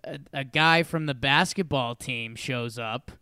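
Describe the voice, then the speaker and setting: A man co-hosting a casual chat show, animated and acting out quoted voices as he tells stories. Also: mid-range voice, a little slow, clear, resonant tone, no room sound, clean studio sound. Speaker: co-host.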